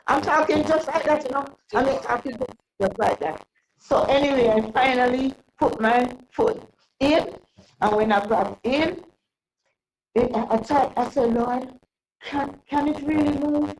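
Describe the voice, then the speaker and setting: An older woman telling a long personal story in an interview, rambling and halting with many restarts. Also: high-pitched, gravelly, darkish tone, poor audio. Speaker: interview guest. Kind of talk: casual storytelling.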